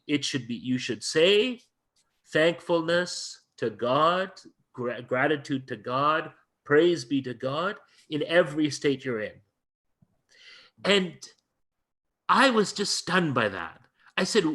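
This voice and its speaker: A man's voice: fairly high pitch, a bit bright. A male guest lecturer in an interview, retelling a story earnestly and emphatically, often restarting his phrases.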